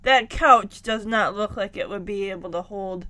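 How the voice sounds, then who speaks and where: A woman's voice: medium pitch, normal speed, bright, forceful tone, dry recording. A woman host chatting casually as she recaps a sitcom, acting out lines from its scenes.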